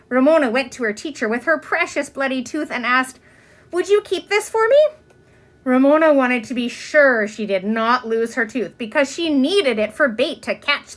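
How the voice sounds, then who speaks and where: A woman reading a children's storybook aloud in an expressive way. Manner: expressive, with many pitch swings. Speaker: reader.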